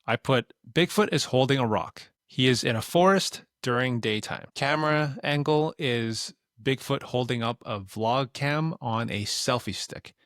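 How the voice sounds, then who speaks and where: A man talks through a software tutorial in a relaxed, explanatory way, at a middling pitch. The recording is close and dry, with no room sound. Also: no room sound. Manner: relaxed, explanatory, plain-spoken. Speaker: tutorial creator. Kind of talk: instructional screen-recording explanation.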